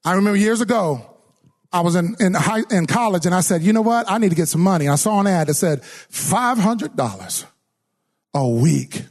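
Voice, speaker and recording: Middle-aged preacher guy, highish voice, gets animated acting out his story, stumbles and repeats words a lot. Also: normal speed. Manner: repeats words and restarts often. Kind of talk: sermon with personal story.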